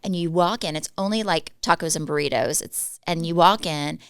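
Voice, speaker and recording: A woman's voice: sits low, smooth, no echo. A woman in her forties, co-hosting a podcast and telling stories in a chatty way, acting out what people said. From Dallas, Texas. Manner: chatty storyteller, quick laughs, animated quoting. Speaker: podcast co-host. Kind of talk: casual chat.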